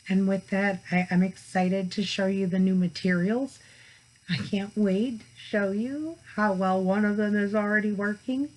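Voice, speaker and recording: A woman presenting a casual online parenting training, chatty and conversational, slightly hoarse from losing her voice. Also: mid-range voice, warm tone, poor audio. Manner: chatty and conversational, with frequent "like" and "you know".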